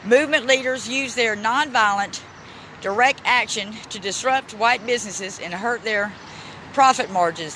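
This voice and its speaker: Male vlogger, high-pitched, emotional and halting, reading plaques aloud outdoors on a phone walking tour. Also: bright, forceful tone, slight background noise, low-quality recording. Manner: halting reader, stumbles and restarts; emotional, close to tears. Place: outdoors in a city park.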